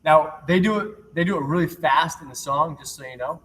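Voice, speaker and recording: A man's voice: a little high, a little fast, fairly bright tone. A young man teaching a remote PE lesson to young children, upbeat and reassuring as he counts out a rhythm game. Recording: distant laptop mic with faint noise.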